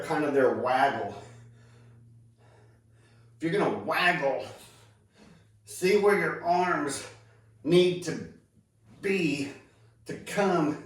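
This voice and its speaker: A man giving a casual golf lesson in an easygoing way, talking while he hits balls on the range. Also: fairly high pitch. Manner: easygoing, unhurried, talks while hitting balls. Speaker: golf instructor. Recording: echoey sound from far off.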